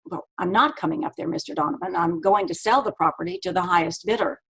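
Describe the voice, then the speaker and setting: A woman's voice: on the low side, fast, a bit bright, husky. A woman voicing a weary, curt woman in a storybook reading, with clipped, dismissive replies.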